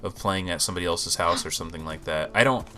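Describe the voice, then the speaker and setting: A man hosting a gaming channel, talking through gameplay in a relaxed, rambling way, with a low morning voice. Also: fast, a little hiss or hum. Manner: relaxed, rambling, thinks aloud. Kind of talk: casual gameplay commentary.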